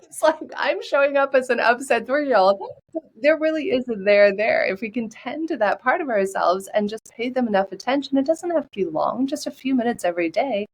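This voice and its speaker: A woman podcast guest and coach talking in an animated, upbeat, storytelling way in a casual interview. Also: on the high side, fairly quick, low-quality recording.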